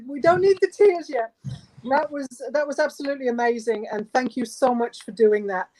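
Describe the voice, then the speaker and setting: A high-voiced woman tells a personal anecdote as a guest on a video call. She is animated and emotional and laughs as she goes. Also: normal speed, rough recording. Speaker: guest speaker.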